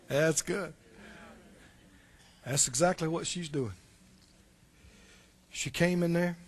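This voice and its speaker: A male pastor preaching a sermon, animated and full of rhetorical questions. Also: fairly high pitch, very slow, long pauses.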